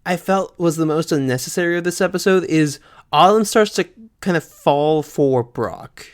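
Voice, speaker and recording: A male podcast co-host talks through an episode in a relaxed, chatty way. His voice sits a bit high for a man and sounds smooth and clear. He laughs easily and leans on little fillers as he goes. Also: moderate pace. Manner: animated, laughs often, many fillers. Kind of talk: casual recap chat.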